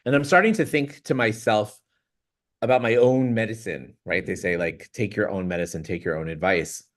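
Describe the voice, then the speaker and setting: A man's voice: fairly low pitch, normal speed. A man hosting his own show, telling a personal story in a chatty, rambling way, laughing often and acting out what people said. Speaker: vlog host. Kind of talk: casual storytelling.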